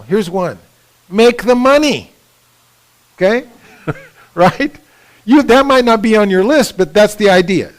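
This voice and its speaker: A man with a fairly high voice gives a relaxed, conversational teaching talk to couples at a retreat. He keeps checking in with his listeners, tossing out "right?" and "okay?", and slips into acted-out voices of husbands and wives as he talks. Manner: acts out quoted spouses in raised voices. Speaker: retreat speaker. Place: retreat conference room.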